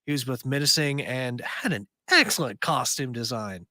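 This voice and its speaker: Bright-toned man chatting enthusiastically. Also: mid-range voice, lively intonation, normal speed, dry recording, clean studio sound. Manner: enthusiastic, rambling with fillers. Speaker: podcast co-host. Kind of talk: casual panel chat.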